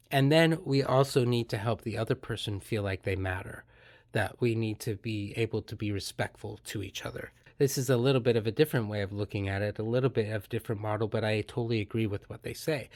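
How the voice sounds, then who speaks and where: A man hosting a podcast, explaining in an earnest, gentle way and acting out calm dialogue. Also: mid-range voice, no echo, studio quality. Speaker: podcast host and therapist. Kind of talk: reflective podcast monologue.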